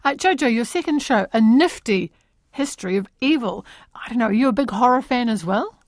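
A woman hosting a radio interview, asking brisk, friendly questions. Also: on the high side, lively intonation, no echo, studio quality. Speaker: radio host.

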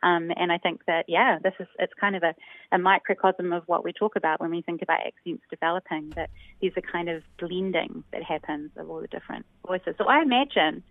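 This is a fairly low-pitched woman's voice from New Zealand, heard over a dry, tinny phone line with no echo. She's a linguist guest answering interview questions, explaining carefully and thoughtfully with many ums.

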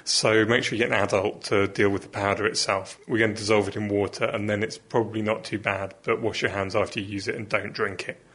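A man's voice: fairly low pitch, little pitch movement, fast talker, fairly bright tone. A man presenting a kitchen science experiment and giving practical step-by-step instructions. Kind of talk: explaining an experiment.

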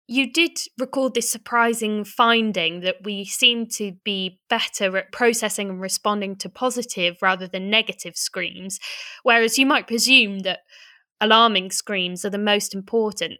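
A woman interviewing a researcher, asking clear, composed questions. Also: a little high, normal speed, bright, forceful tone.

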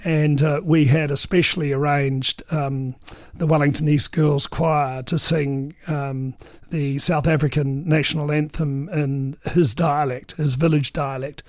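A man's voice: on the high side, steady tone, a little slow, no room sound, clean studio sound. A man, a veteran political journalist telling anecdotes in an interview, chatty and full of ums and uhs.

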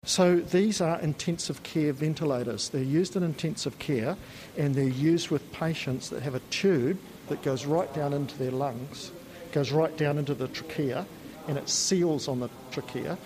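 A man's voice: on the high side, normal speed, a little mellow, rough recording. A man with a New Zealand accent patiently explains technical equipment on a factory tour, with frequent ums. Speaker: company spokesperson giving a tour. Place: factory and laboratory.

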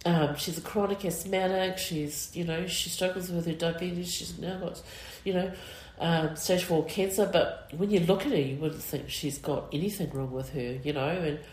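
Low-voiced emotional New woman. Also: a little mellow, echoey room, low-quality recording. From New Zealand. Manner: halting and reflective, many pauses and fillers. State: emotional, close to tears. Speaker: interviewee. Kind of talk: personal interview.

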